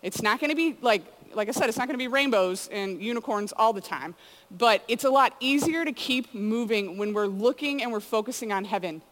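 A woman's voice: a little high, brisk, fairly bright tone. A woman giving a casual sermon to students, telling stories in a chatty way full of "like" and "you know". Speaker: youth speaker. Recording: long hall reverb.

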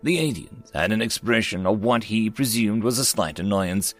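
A man narrating science fiction stories in an expressive, varied storytelling manner. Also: on the low side, normal speed, hardly any pauses, no echo, faint music behind.

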